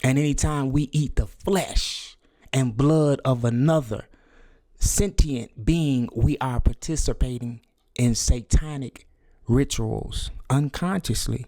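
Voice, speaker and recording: In this conspiracy talk video, a male vlogger with a mid-range voice addresses his audience over clean studio sound with no echo. His delivery is preachy and repetitive, tripping over words and pleading with viewers to wake up, and he lowers his voice to a whisper when he wants to stress a point.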